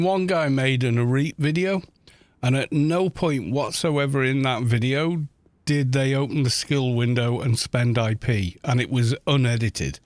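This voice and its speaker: A man of middle pitch rants bluntly through a live game stream, swearing freely and padding his points with "you know". The sound is dry and close. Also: no echo. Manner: rambling with frequent "you know". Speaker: gaming YouTuber streaming. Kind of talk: casual live-stream commentary while playing.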